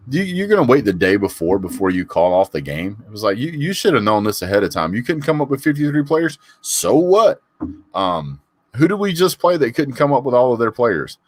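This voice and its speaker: His voice is lowish, and there's no room sound. Hosting a casual live sports call-in show, he reads the chat and greets viewers by name while sounding off with chatty opinions.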